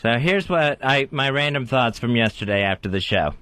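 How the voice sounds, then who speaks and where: A man co-hosting a talk radio show, speaking in a quiet, earnest, self-deprecating way. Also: mid-range voice, lively intonation, normal speed, soft background music. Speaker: radio co-host. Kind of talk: casual radio chat.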